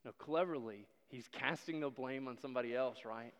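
A man's voice: medium pitch, moderate pace, clear, resonant tone. Dramatic preacher man in an echoing hall. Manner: dramatic storytelling, swings between loud and hushed. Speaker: pastor. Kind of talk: sermon. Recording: long hall reverb.

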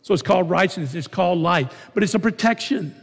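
An older man preaches, his voice pitched high with a gravelly edge. He tells stories earnestly and builds to emphatic rises, and his words ring through a long hall reverb. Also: lively intonation, quick pace. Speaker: preacher and football coach. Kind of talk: sermon.

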